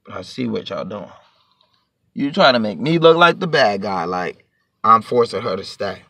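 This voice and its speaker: Gravelly man ranting a storytime. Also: fairly low pitch, lively intonation, pushed and bright, no room sound. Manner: heated, profane, rapid and rambling. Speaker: vlogger telling a story. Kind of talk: casual storytime rant.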